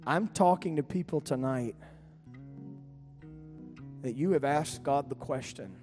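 Animated preacher telling a story. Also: male voice, mid-range voice, measured pace, pauses often, over music. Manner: animated storyteller, sudden loud peaks and laughter. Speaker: pastor. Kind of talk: storytelling sermon.

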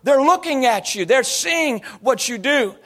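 A man's voice: very high-pitched, lively intonation, a little slow, a bit bright. A male pastor in his thirties or forties preaching a sermon in a conversational storytelling way, often slipping into voices and accents he imitates.

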